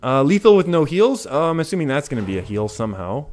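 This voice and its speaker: A man's voice: a little high, very animated, quick pace, a little mellow. A young Canadian man streaming live, chatting through his gameplay, laughing often and answering viewers' messages. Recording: faint music behind.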